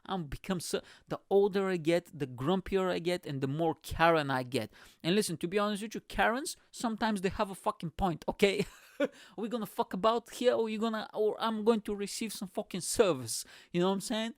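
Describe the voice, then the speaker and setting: Male podcast host, animated swearing rant, dry close sound. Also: sits high, a little fast, dry recording. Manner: animated, profane, slangy storytelling with frequent "bro". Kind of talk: casual ranting monologue.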